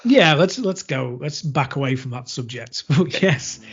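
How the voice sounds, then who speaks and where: Relaxed male co-host, casual banter, muffled podcast audio. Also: mid-range voice, measured pace, slightly rough. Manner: laughs easily, relaxed. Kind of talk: casual chat.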